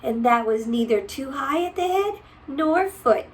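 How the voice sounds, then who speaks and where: A woman reading a picture book aloud to a child, gentle and often dropping to a whisper. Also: high-pitched, lively intonation, a little slow, distant mic, poor audio.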